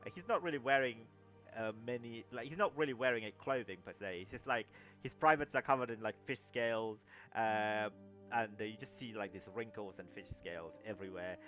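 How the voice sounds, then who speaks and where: A young man narrating a tabletop game as game master, halting with many fillers and restarts. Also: lowish voice, fairly bright tone, soft background music.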